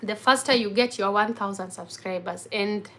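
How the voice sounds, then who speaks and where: A woman's voice: mid-range voice, moderate pace, a bit bright. A woman vlogger talking casually to the camera in earnest, encouraging English that is not her first language, often restarting her phrases. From grew up in a village. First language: mother tongue not English.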